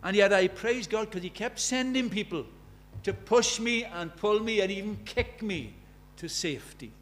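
An older man preaching an evangelistic sermon, impassioned, dropping to a hush and then rising loud. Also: high-pitched, lively intonation, moderate pace. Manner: impassioned, swings from hushed to loud.

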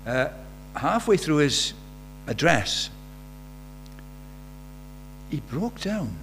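A man's voice: fairly high pitch, sing-song, extremely slow, fairly bright tone. A man preaching a sermon in a conversational way, asking the congregation rhetorical questions. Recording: faint mains hum.

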